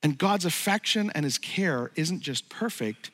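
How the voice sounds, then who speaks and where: Middle-aged male pastor, fairly high voice, emphatic sermon delivery, long church reverb. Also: expressive, unhurried, a bit bright. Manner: emphatic, building to raised peaks. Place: church sanctuary.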